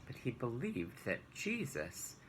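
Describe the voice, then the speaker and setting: A man teaching a children's Bible lesson, retelling the story gently and asking rhetorical questions. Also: mid-range voice, wildly swooping pitch, slow pace, a little hiss or hum, poor audio.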